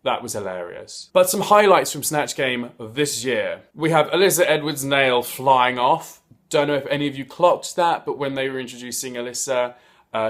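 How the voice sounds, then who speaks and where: A man reviewing an episode in a casual, chatty way, gushing and breaking into sudden loud exclamations. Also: mid-range voice, a little fast. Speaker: video reviewer. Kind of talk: casual chat.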